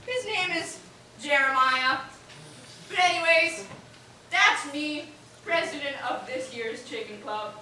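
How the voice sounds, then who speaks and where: Young woman as a chatty, lively chicken club president, bright voice, live improv, echoey hall. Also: sits high, slow, pauses often, recorded from a distance, slight background noise, exaggerated voice. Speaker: improv performer. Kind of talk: live improv comedy scene.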